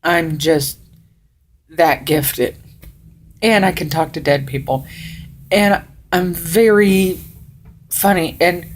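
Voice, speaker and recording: A woman's voice: on the low side, slight background noise. A woman in her forties talking casually to the camera, blunt and rambling, swearing freely. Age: 40s.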